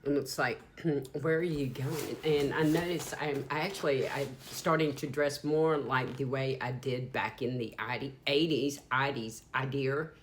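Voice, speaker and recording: Low-voiced Southern woman giving a psychic reading. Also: fairly even intonation, a little slow, a little hiss or hum. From Deep South, USA. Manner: rambling, stream-of-consciousness, frank and profane. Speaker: psychic tarot reader. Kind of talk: channeled intuitive reading.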